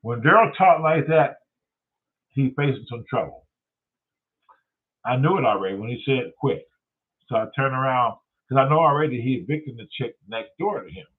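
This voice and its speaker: A man tells a story in a loose, profane rant, jumping into the voices of the people involved. His pitch sits in an ordinary middle range. The sound is narrow and tinny, like a phone line. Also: normal speed, pauses often. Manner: profane, animated storytelling with acted-out quotes. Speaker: host.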